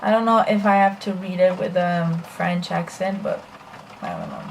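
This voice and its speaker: A woman's voice: fairly low pitch, steady tone, moderate pace, a little hiss or hum. A young woman chatting casually through a makeup tutorial as a beauty vlogger, self-deprecating and full of fillers.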